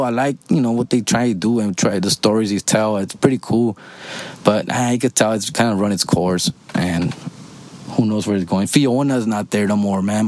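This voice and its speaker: A man from the United States, ranting casually and profanely, tagging "fool" and "dog" onto nearly every line. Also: on the low side. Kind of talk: casual rant.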